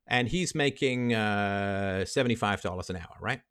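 A man's voice: lowish voice, moderate pace, a bit bright, clear, resonant tone. A man hosting a livestream monologue, emphatic and lecturing, walking through numbers step by step. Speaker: livestream host.

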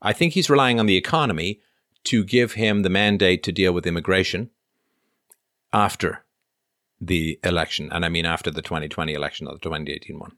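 A man's voice: sits low, brisk, fairly bright tone, no room sound, studio quality. A middle-aged man from Canada hosting a casual livestream, answering viewer questions with frequent ums and uhs. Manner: conversational, frequent ums and uhs, reads comments aloud. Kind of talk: casual livestream chat reading super chats.

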